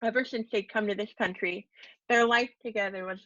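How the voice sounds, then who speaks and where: A woman teacher reading a short story aloud for her students, steady and measured, adding brief asides. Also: medium pitch, no echo, lo-fi sound.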